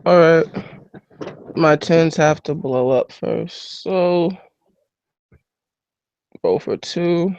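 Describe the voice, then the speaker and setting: Very slow, hesitant tabletop player. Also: mid-range voice, darkish tone, smooth, dry recording. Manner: slow, hesitant, few words. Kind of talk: tabletop game play. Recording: dull lo-fi recording.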